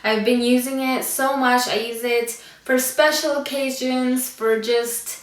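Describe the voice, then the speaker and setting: A woman's voice: high voice, fairly even intonation, unhurried. Breathless chatty woman vlogger. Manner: chatty, lots of fillers. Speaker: beauty vlogger. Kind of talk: casual chat to camera. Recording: echoey room, voice from a distance.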